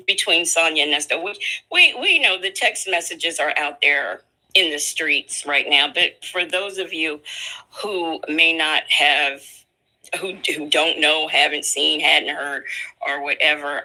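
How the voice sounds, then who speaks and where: A woman hosting a casual livestream, slowly retelling news to her viewers in a chatty way. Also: deep voice, pushed and bright, rough recording. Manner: slow, chatty storytelling. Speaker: livestream host.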